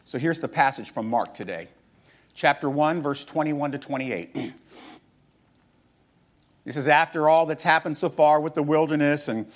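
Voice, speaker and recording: A man with a fairly high voice delivers a sermon. He teaches in a steady preaching style, posing rhetorical questions and reading passages aloud. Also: normal speed, long pauses. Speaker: pastor.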